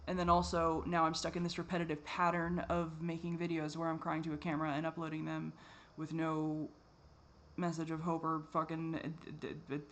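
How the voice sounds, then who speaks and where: A tired man rambling in a personal vlog, swearing a lot and drifting between normal talk and low mutters. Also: a bit bright, a little hiss or hum. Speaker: vlogger.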